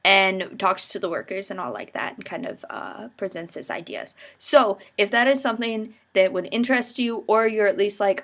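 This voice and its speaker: A young woman from America talks to her camera in an easy, chatty vlog, poking fun at herself. She is getting over a cold and coughs now and then. Her voice sits in a middle pitch. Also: normal speed, few pauses. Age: young adult. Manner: chatty, self-mocking, animated quoted voices. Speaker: vlogger, university student. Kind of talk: casual chat to camera.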